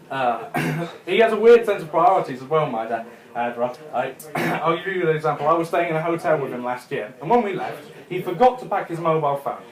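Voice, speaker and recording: A man's voice: on the high side, expressive, normal speed. A young man doing a chatty stand-up set in a comedy club, chuckling at his own jokes. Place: comedy club room with a live audience. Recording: echoey club room.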